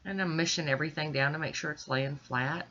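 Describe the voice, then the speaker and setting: Woman, bright tone, stuffy sinuses, chatty tutorial narration, slightly muffled home recording. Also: deep voice, fairly quick. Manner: chatty and reassuring, speaks directly to viewers. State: stuffy, congested sinuses with throat clearing. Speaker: nail art vlogger. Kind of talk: casual step-by-step tutorial narration.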